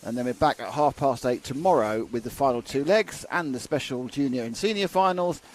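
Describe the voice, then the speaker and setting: A man's voice: medium pitch, brisk. A man commentating a livestream of a model car race, chatty and joking between results, from a commentary box at a racing circuit.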